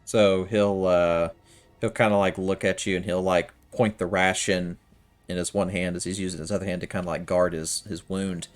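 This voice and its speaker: A man's voice: deep voice, little pitch movement, normal speed, soft background music. A man narrating as game master of a tabletop game, loose and hesitant, full of fillers. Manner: loose and hesitant, full of "kinda" and "you know".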